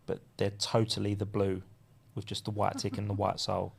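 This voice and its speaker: A man, a relaxed interview guest who laughs often and hesitates with ums. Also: lowish voice, fairly quick, creaky, slightly rough. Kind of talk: casual interview.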